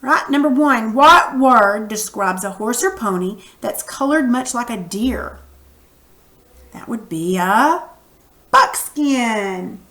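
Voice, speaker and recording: A woman's voice: a little high, expressive, slow, sharp tone. A woman teacher patiently walking students through a recorded reading lesson, talking casually while she writes on screen. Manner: patient, coaching, casual classroom talk; narrates while writing on screen.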